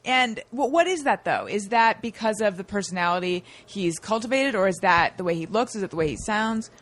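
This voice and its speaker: A woman's voice: mid-range voice, lively intonation, brisk. A woman guest on a comedy podcast, chatting casually and thinking aloud.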